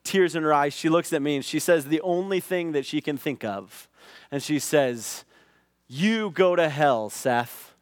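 A middle-aged man preaching a sermon, telling a personal story in a conversational way that rises into loud acted outbursts. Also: fairly high pitch, normal speed, no room sound, clean studio sound. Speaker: pastor.

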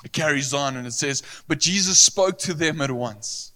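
A male pastor delivering a sermon with a bright, forceful voice. He speaks earnestly and emphatically, and he often repeats phrases for weight. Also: on the high side, normal speed.

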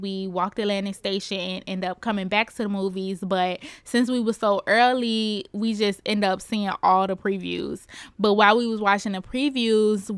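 A woman's voice: medium pitch, clear, resonant tone, no room sound. Chatty young woman spilling a story. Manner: chatty, animated, slangy, talks straight to listeners. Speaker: podcast host. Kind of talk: casual confessional storytelling.

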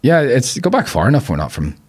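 A man's voice: mid-range voice, wildly swooping pitch, fast talker, breathy edge. A man talking as a podcast guest in casual conversation, reflective and rambling, laughing easily.

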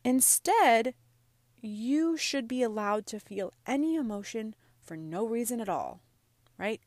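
With a fairly high, lively, slightly mellow voice, a woman in her thirties speaks unhurriedly about feelings and self-care. She's conversational, peppering her casual self-help talk with "like" and "right?". The recording is dry, with clean studio sound.

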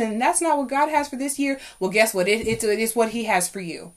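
A young adult woman hosting a faith-based talk, speaking in an emphatic, preachy way that climbs high and loud when she gets fired up. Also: animated, fairly quick, few pauses. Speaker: podcast host.

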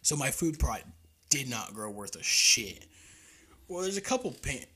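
Young male podcast co-host, husky and bright, animated casual storyteller. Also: mid-range voice, unhurried. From Oklahoma. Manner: storytelling, laughs often, drawling. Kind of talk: casual chat.

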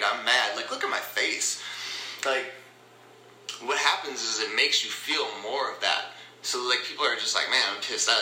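Upbeat motivational podcast guy, super bright voice, echoey room. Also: mid-range voice. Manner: upbeat, rambling, repeats phrases. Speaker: podcast host. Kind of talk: casual motivational talk.

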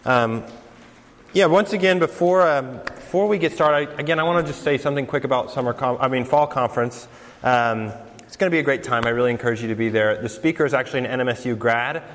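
A young man, a campus pastor talking casually to a student group, his voice nasal from a cold, with lots of relaxed fillers. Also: mid-range voice, brisk, a little hiss or hum. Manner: relaxed, conversational, many fillers. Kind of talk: casual sermon announcements. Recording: reverberant hall.

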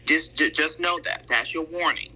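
A man's voice: a little high, normal speed, bright, forceful tone, slight background noise, poor audio. A man talking in a casual chat, earnest and reflective, speaking in a confessional way.

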